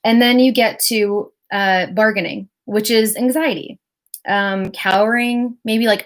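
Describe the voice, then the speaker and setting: A woman's voice: mid-range voice, slow. Chatty woman explaining feelings. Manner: chatty, explanatory, acts out short quoted voices. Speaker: self-help livestreamer. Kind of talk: casual livestream talk.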